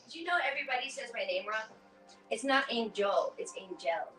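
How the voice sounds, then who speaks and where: A woman's voice: high voice, animated, fast talker, pushed and bright, faint music behind. A woman teasing and joking playfully from off-mic in a home. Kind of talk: playful banter. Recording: roomy, distant from the mic.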